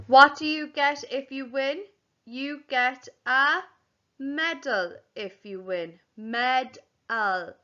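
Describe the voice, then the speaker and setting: A woman teacher talks young children through their lessons slowly and clearly, with a bright, crisp tone. Her voice sits fairly high and keeps a patient, sing-song rhythm as she spells words out. The recording sounds a bit dull and muffled. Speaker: primary school teacher.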